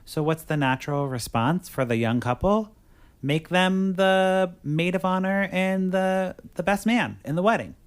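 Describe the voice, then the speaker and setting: With a high, smooth voice and a slightly slow delivery, a male podcast host chats his way through a movie plot summary, leaning heavily on the word "like."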